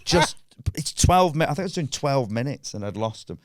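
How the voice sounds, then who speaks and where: A man telling a comedy anecdote on a podcast, animated and sweary, acting out voices. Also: medium pitch, fairly quick, dry recording, clean studio sound. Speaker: stand-up comedian guest. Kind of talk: casual podcast storytelling.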